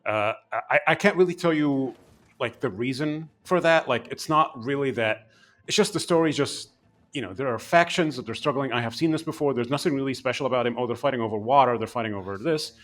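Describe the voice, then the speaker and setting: A man's voice: mid-range voice, brisk, fairly bright tone. A man co-hosting a game podcast, chatting casually and animatedly, rambling with many restarts. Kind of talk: casual chat, game review discussion.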